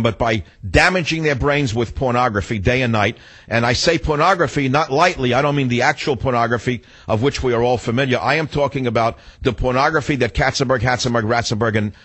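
A man's voice: medium pitch, fairly bright tone, husky, no echo. A male radio talk show host giving an indignant monologue full of repeated rhetorical questions.

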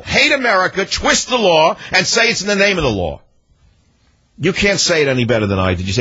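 A man's voice: on the high side, big pitch swings, moderate pace, pushed and bright, slightly rough. A man hosting a talk radio show, ranting in a combative, indignant way and hammering his points with repetition. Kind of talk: talk radio monologue and calls. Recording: dull lo-fi radio audio.

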